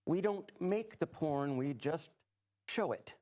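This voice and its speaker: An improv actor as a deadpan security chief, speaking slowly and gravely, often dropping lower at the ends of lines. Live improv comedy in a TV studio. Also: male voice, a little hiss or hum. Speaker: improv performer.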